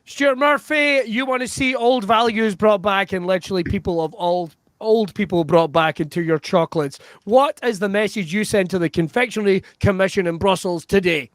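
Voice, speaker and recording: A man hosting an improv comedy show over a video call, energetic and laughing through quick banter. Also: sits high, no room sound, studio quality. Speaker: host.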